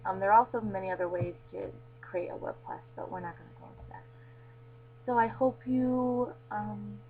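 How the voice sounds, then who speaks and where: A woman walking through a web tool in a casual screencast tutorial, filling pauses with frequent ums. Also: medium pitch. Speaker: tutorial presenter. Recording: tinny lo-fi mic with faint hum.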